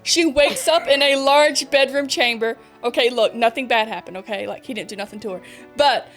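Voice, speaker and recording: A woman's voice: fairly high pitch, fairly quick, faint music behind. A young woman streamer hosting a podcast, retelling a book plot casually with swearing and acted-out dialogue. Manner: animated storyteller, swears casually, acts out dialogue. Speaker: podcast host, vtuber. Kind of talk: casual book recap chat.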